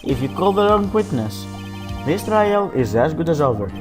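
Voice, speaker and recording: A man voicing a hesitant, fussy elderly judge from a game, pausing often as he talks. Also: a little high, sing-song. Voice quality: hesitant, halting. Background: background game music.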